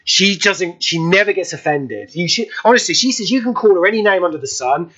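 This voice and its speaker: A man hosts a casual radio chat, reeling off celebrity anecdotes with a high, bright voice. He laughs often as he talks. The sound is dull and lo-fi. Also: expressive, fairly quick. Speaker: radio host.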